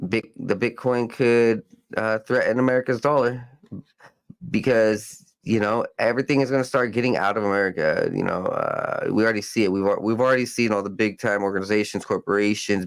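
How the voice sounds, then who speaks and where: A man's voice: fairly low pitch, clear, resonant tone, no echo, low-quality recording. A man hosting a podcast, reading news articles aloud and breaking off into loose, rambling commentary full of fillers and restarts. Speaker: podcast host.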